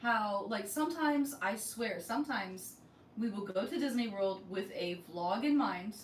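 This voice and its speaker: A woman's voice: mid-range voice, animated, measured pace. A woman co-hosting a casual podcast chat, telling stories and acting out the dialogue. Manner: chatty storyteller acting out quoted dialogue. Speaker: co-host of a theme park vlog channel. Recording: echoey room, mic far off, faint noise.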